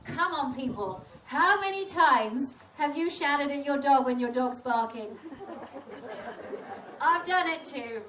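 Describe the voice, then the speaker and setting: A woman's voice: high voice, lively intonation, slow pace, sharp tone, a faint crowd. A woman dog trainer lecturing an audience in a chatty, direct and emphatic way. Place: large event venue. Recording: roomy, distant, dull audio with faint noise.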